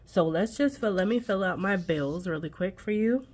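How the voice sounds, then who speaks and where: A woman's voice: medium pitch, lively intonation, moderate pace, darkish tone. A congested woman with a nasal voice, chatting casually to viewers as she sets up her budget binder. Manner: chatty, folksy, talks straight to viewers. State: congested, under the weather. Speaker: budgeting channel host.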